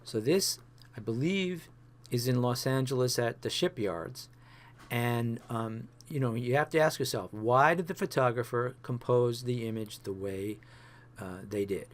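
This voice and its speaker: A man's voice: medium pitch, unhurried. A man teaching a photography class, talking through example pictures with many fillers and restarts. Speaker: photography instructor.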